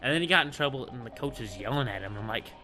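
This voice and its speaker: A young man casually telling a school story on his vlog, rambling and excitable, with lots of filler words. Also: medium pitch, fast, faint music behind. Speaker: gaming channel host.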